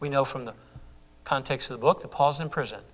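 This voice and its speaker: A man preaches an emphatic sermon at a brisk pace, his medium-pitched voice repeating words and phrases. He swings from loud exclamations to hushed, almost whispered lines.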